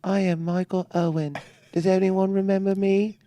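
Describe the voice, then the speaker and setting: A man doing a playful impression of a soft-spoken British footballer, in a put-on English accent, repeating his lines for laughs. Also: sits high, level tone, normal speed, no echo, natural voice. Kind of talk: comedic impression on a live podcast.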